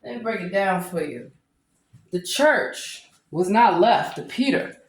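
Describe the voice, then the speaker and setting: A woman's voice: mid-range voice, animated, unhurried, background noise. A woman with a Black way of speaking, preaching in a defiant, confrontational monologue aimed at her accusers. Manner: breaks into gospel-style singing. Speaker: self-styled preacher. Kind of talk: impassioned monologue. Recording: roomy echo with music behind.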